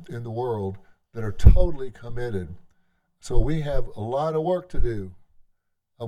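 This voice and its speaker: A man, a tribal government leader, giving an unscripted address to a legislative session, speaking in a halting, conversational way with frequent restarts. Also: medium pitch, warm tone.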